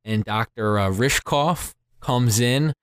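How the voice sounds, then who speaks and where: A man who is a podcaster and movie critic, speaking in a measured, earnest way with frequent "uh" fillers. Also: medium pitch, smooth, no room sound, studio quality. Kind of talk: casual podcast discussion.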